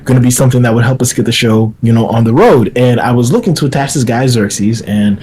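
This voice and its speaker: A man's voice: medium pitch, fast, darkish tone, breathy edge. A man who is a filmmaker, appearing as a podcast guest, who talks through his stories thoughtfully with many fillers. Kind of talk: casual chat.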